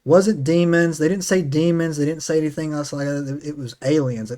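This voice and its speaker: A man with a somewhat high voice hosts a casual podcast conversation. He tells his stories with eager energy and keeps checking in with "right?" and "man". His tone stays loose and conversational. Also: moderate pace. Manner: excitable storyteller, lots of "right?" and "man". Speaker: podcast host.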